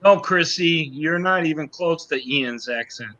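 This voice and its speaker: A man's voice: a little high, measured pace, sharp tone, lo-fi sound. A man chatting casually as a panel guest, often stumbling and restarting his words. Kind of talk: casual chat.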